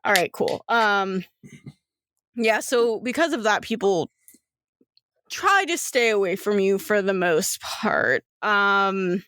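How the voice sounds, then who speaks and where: A woman's voice: medium pitch, expressive, slow, a bit bright, smooth, dry recording, clean studio sound. A young woman narrating a tabletop game as game master, rambling and padding her descriptions with "like" and "um". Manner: rambling, filler-heavy description with frequent "like" and "um".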